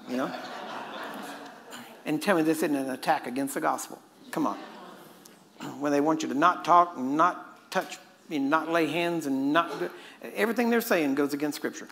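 A man's voice: a little high, fairly quick, gravelly, long pauses, fairly bright tone. A man preaching a sermon, emphatic and constantly quizzing his listeners. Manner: emphatic, questioning the audience.

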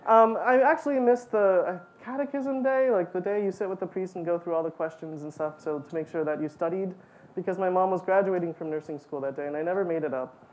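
A woman giving a storytelling talk at a student event, animated and self-mocking, often saying "like" and laughing along. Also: fairly low pitch, a little fast, slight background noise, low-quality recording.

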